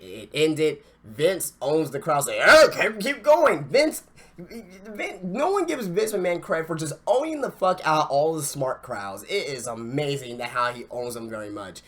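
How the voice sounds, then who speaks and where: A man's voice: a little high, a bit bright. Profane, stammering man reviewing wrestling. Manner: ranting, profane, stammering restarts. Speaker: wrestling podcast host. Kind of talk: casual event review.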